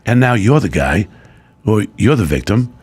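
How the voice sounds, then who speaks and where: A middle-aged man, a guest, telling a personal story in casual chat, emotional and animated. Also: fairly low pitch, moderate pace, slightly rough.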